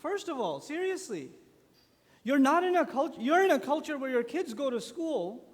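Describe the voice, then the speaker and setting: A man speaking at a youth conference, giving a religious lecture with animated storytelling and acted-out quotes. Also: very high-pitched, moderate pace. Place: large conference hall. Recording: long echo of a large conference hall.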